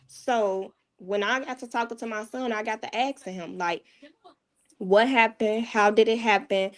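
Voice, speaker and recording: A woman, a mother appearing as a guest, tells a painful personal story in a candid, casual way, often dropping her voice low. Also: fairly even intonation, normal speed.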